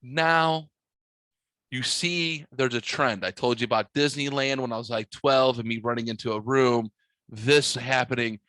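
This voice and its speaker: A podcast host, a man, tells a rambling story in casual chat. He swears a lot and acts out every line of dialogue. His mid-pitched voice sounds dry, with almost no room around it. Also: fairly even intonation, measured pace, fairly bright tone, no echo.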